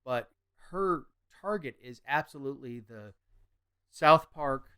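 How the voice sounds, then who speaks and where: A man's voice: medium pitch, expressive, slow, a bit bright, smooth. A man co-hosting a political podcast, talking bluntly and opinionated in casual chat. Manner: blunt, opinionated, drops into mocking impressions. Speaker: podcast co-host.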